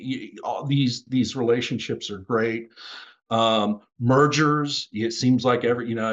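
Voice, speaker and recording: A man's voice: mid-range voice, lo-fi sound. A man in a casual podcast discussion, talking in a rambling way with many restarts and fillers over a remote call. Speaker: consultant, former USAID officer.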